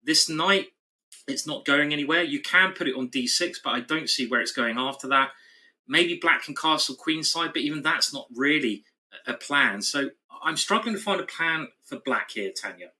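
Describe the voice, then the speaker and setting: Very bright-voiced male chess commentator. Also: fairly high pitch, animated, moderate pace. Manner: chatty, explanatory, laughs easily.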